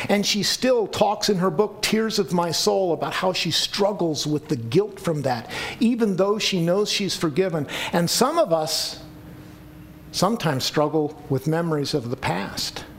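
A man's voice: high-pitched, vocal fry, slight background noise. A man preaching a sermon to a congregation, earnest and pleading at times. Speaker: pastor.

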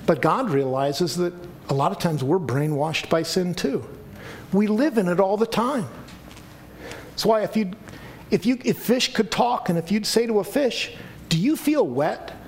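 A man's voice: sits high, expressive, measured pace, a little mellow, a little hiss or hum. A man preaching a sermon to a congregation, earnest and pleading at times. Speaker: pastor.

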